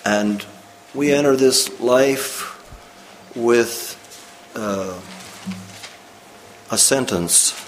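A male preacher giving a sermon, slow and deliberate with pauses. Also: on the low side, slight background noise, rough recording. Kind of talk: sermon with story reading.

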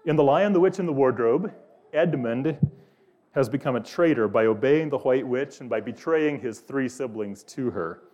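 A man's voice: medium pitch, moderate pace, darkish tone, dull audio. A male pastor preaching an earnest sermon, posing questions to his listeners.

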